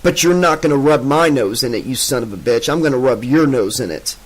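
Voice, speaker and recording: A man voicing a shrill male scientist ranting in a fit of rage, in an audiobook. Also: lively intonation, brisk, lightly acted, low-quality recording. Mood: enraged. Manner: shrill, shouting.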